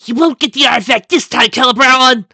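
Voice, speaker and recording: A man performs a bossy, heroic adventurer pony mare from a storybook reading, her voice shooting high and bright as it swoops up and down with every word. The reading is close and dry, with no room around it. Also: fast talker, vocal fry, no echo, exaggerated voice. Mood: exclaiming. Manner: shrill exclaiming, voice rising and falling.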